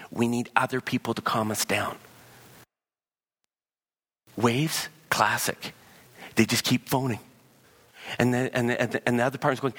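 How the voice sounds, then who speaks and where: A man preaching a sermon as pastor, animated and acting out voices in the dialogue he quotes. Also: medium pitch, moderate pace, long pauses.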